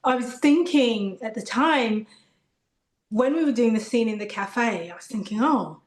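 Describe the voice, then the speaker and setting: A woman's voice: a little high, normal speed, a little mellow, roomy sound. A woman with a British accent, an actress guest chatting thoughtfully in an interview and laughing often. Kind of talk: casual interview chat.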